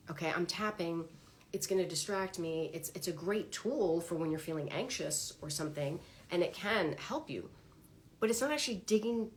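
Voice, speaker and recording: A woman talking casually on a livestream about her own therapy experience, chatty and animated, acting out her inner dialogue. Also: on the low side. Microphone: phone or webcam on a livestream.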